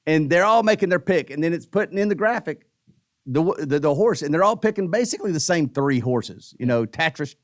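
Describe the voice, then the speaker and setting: A man co-hosting a podcast in casual chat, telling a relaxed story with quoted voices. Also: a little high, a little fast, dry recording, studio quality. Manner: laid-back, tells anecdotes with quoted voices. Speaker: podcast co-host.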